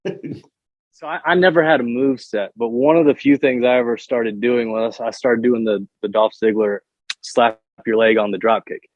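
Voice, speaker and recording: A man's voice: mid-range voice, steady tone, moderate pace, dry recording, highs cut off. A man guest telling wrestling stories in casual chat, often stumbling and repeating words as he starts a sentence. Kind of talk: casual storytelling on a podcast.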